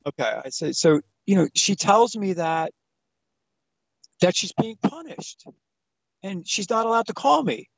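A man in his thirties calling in to a talk show, retelling a story with animated, acted-out quotes. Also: sits high, a little slow, vocal fry, pauses often, dry recording. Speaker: caller. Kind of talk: phone-in storytelling. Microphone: phone call. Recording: dull lo-fi phone-in audio, dry.

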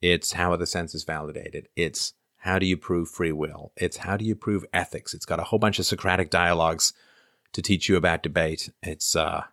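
A man's voice: deep voice, steady tone, normal speed, a bit bright, dry recording, studio quality. A man in his fifties hosting a casual livestream, reading viewer comments aloud and answering in a rambling, self-interrupting way.

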